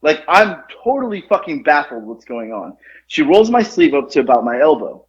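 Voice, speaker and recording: Animated rambling man telling a story. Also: fairly high pitch, moderate pace, lo-fi sound. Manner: animated, rambling, lots of "like" and restarts, laughs at his own story. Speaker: podcast co-host telling a story. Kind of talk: casual storytelling chat.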